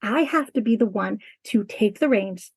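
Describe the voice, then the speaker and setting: Guesting on an interview, a woman teacher speaks in an earnest, emphatic way and dramatizes classroom talk in conversation. Her mid-range voice has lively intonation, a normal speed, creakiness and a breathy edge, with no room sound.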